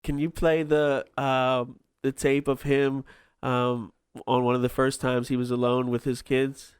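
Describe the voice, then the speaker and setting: A man's voice: mid-range voice, level tone, a little slow, smooth, dry recording, clean studio sound. A man talking as a podcast guest in casual chat, rambling with many ums.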